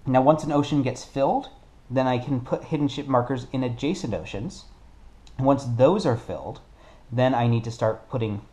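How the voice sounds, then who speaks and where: A man's voice: medium pitch, dark tone. A man playing a solo tabletop game and explaining its rules in a casual way, thinking aloud and correcting himself as he goes. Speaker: board game player.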